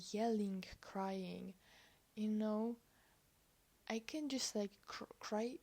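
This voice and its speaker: A young woman vlogger telling a personal story slowly and hesitantly, her voice often sinking to a whisper. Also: mid-range voice. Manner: slow, hesitant, soft-spoken, drifting often into whispers.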